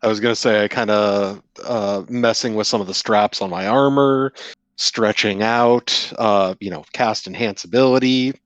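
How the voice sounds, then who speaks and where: A man playing a tabletop game, speaking in a measured, polite way, partly in character. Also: lowish voice, steady tone, no echo, highs cut off. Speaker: player. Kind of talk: tabletop role-play, in and out of character.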